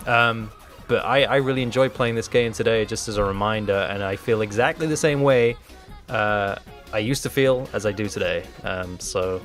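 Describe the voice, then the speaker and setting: A man co-hosting a casual gaming podcast, talking in a relaxed, hesitant way with fillers. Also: on the low side, moderate pace, soft background music. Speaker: podcast co-host.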